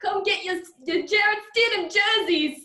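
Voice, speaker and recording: A woman putting on a loud, drawn-out Boston accent as a mock sports fan. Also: very high voice, echoey room, voice pushed up. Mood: hawking.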